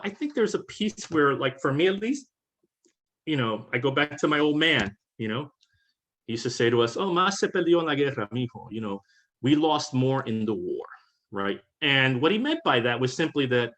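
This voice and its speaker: A man from Puerto Rico speaks as a guest on a webinar over a video call, sounding reflective and conversational and often checking in with "right?". His medium-pitched voice is a bit bright and very animated, at a moderate pace.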